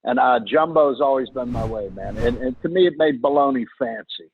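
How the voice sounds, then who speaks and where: A man's voice: medium pitch, fairly quick, a crowd in the background. Joking Pittsburgh-accented man on a phone line. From Pittsburgh, USA. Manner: joking, rambling with restarts. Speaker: co-host. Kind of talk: casual chat. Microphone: remote video call.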